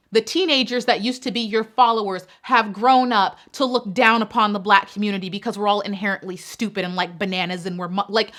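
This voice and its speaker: A woman's voice: on the high side, fairly bright tone. A woman hosting a commentary channel, delivering an impassioned, indignant rant with building emphasis.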